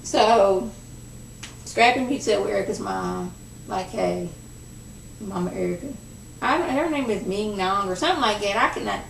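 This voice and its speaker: A young woman casually recapping a reality show episode, chatty and gossipy, acting out quoted lines in a lower voice. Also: moderate pace, vocal fry, a bit bright, a little hiss or hum. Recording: echoey room, mic at a distance.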